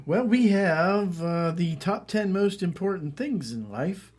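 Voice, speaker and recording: A man's voice: high-pitched, expressive, takes it slowly, a little mellow, a little hiss or hum. A man co-hosting a comedy show, wrapping up in a dry, mock-formal announcing manner. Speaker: co-host. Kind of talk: casual comedy podcast sign-off.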